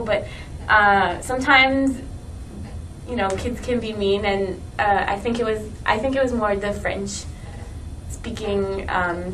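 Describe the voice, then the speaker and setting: A woman's voice: mid-range voice, a bit bright. A young woman from Quebec telling about her school years in a casual, hesitant way with many fillers. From Quebec, Canada. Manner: hesitant, many ums and uhs. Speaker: interviewee. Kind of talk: casual personal account. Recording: distant mic with faint background noise.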